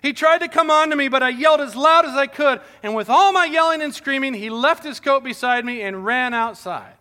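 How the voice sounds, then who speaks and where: A man voicing a scheming noblewoman who falsely accuses a servant, in a shrill, indignant voice. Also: lively intonation, fairly quick, bright, forceful tone, full character voice. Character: scheming lying noblewoman crying wolf.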